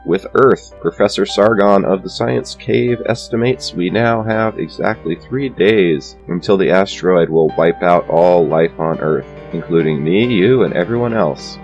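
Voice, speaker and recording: A man's voice: sits low, measured pace, hardly any pauses, a little mellow, muffled recording, soft background music. A man reading out the lines of a jokey male TV news reporter in a raised, chipper voice. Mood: glib. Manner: chipper, punning delivery.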